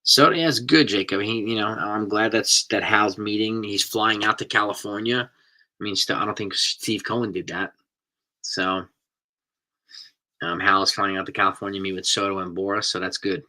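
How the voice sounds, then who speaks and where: A middle-aged man, his voice low and sharply bright. He chats loosely with live viewers. He rambles and gets excited as he talks. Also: normal speed. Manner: chatty, rambling, enthusiastic about food. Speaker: host reading live chat. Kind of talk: casual live-stream chat.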